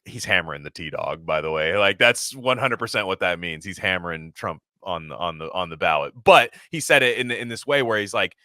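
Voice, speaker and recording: A man co-hosting a podcast, talking in a rambling, halting, profane casual chat. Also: sits low, lively intonation, sharp tone, no room sound, clean studio sound. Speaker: podcast co-host.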